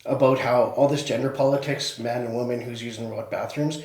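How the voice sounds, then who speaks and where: A man co-hosting a podcast talks in a mid-range voice, often pausing to search for words. He sits well back from the mic. The room around him is echoey. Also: mid-range voice, steady tone, recorded from a distance. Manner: hesitant, searches for words with fillers. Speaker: podcast co-host. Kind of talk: casual chat.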